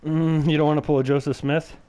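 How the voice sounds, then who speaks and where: A man's voice: a little high, little pitch movement, quick pace, dark tone, smooth. A man streaming a video game, chatting casually and rambling with lots of swearing and filler words. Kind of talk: casual chat while gaming.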